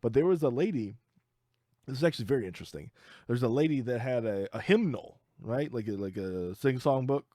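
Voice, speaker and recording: A man's voice: medium pitch, expressive, a little fast, dark tone, dry recording, clean studio sound. A man co-hosting a podcast in casual chat, rambling and joking, acting out the people he quotes. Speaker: podcast co-host. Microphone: studio mic.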